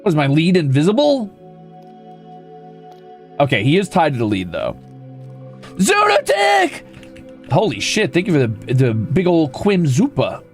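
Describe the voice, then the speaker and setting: A man streaming a building game with a fairly high voice that swoops all over the place. He chats playfully with viewers, swears casually, and breaks into high squeals when he meets creatures. Faint game music plays behind him. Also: sing-song, normal speed, pauses often, darkish tone. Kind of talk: live gameplay commentary.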